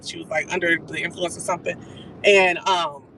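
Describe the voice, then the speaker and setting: A live-stream host dishes gossip from behind the wheel, talking quickly and swearing freely. The voice is bright and forceful, with an animated, chatty delivery. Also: medium pitch, vocal fry, a little hiss or hum, rough recording. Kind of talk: casual gossip recap. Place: car while driving.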